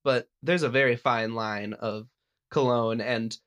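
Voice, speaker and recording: A man's voice: mid-range voice, unhurried. A young man from the American Midwest, co-hosting a podcast in casual chat and laughing often. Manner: laughs often, relaxed and chatty. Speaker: podcast co-host.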